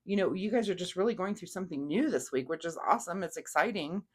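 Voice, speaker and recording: A woman giving a casual weekly tarot reading, gentle and rambling with many fillers. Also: fairly low pitch, lively intonation, quick pace, husky. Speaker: tarot reader.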